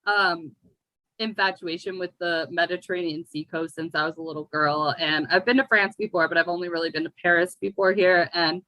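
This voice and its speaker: A woman's voice: on the low side, steady tone, a little fast, pushed and bright, no room sound, poor audio. A young woman from the United States, chatting casually as a guest poet with lots of fillers. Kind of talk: casual conversation. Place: remote call from abroad.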